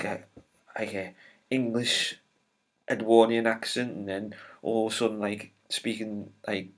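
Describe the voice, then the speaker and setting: A man's voice: mid-range voice, fairly bright tone. A man giving a casual spoiler review of a TV episode, rambling and opinionated, with many filler ums and restarts. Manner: opinionated and exasperated.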